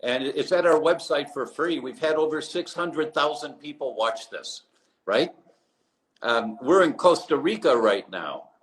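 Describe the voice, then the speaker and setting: Animated man telling stories, fairly high voice. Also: measured pace, poor audio. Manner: animated storytelling with quoted voices. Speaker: interview guest, doctor. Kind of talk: live interview, storytelling. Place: abroad, remote live session.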